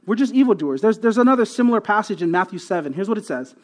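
A man's voice: high-pitched, expressive, fast. A man preaching a sermon as a pastor, emphatic and repeating words, often checking in with "right?". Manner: emphatic, tags many points with "right?"; repeats words while building a point.

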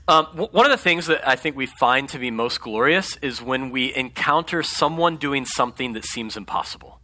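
A man's voice: mid-range voice, moderate pace, hardly any pauses. A man preaching a conversational sermon, often checking in with his congregation by asking "right?". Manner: conversational, animated, asks the audience "right?". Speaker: pastor.

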